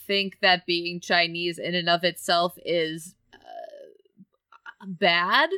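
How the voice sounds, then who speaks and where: Bright, crisp-voiced woman in her thirties. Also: fairly low pitch, drawn-out words. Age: 30s. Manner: candid, animated, laughs while telling stories. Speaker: podcast co-host. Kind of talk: casual film-review chat.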